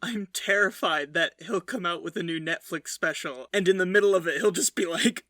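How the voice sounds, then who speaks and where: Bright-voiced man telling self-deprecating stories. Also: high-pitched, brisk, hardly any pauses, no room sound, clean studio sound. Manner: self-deprecating, animated storytelling. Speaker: podcast co-host. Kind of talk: casual chat.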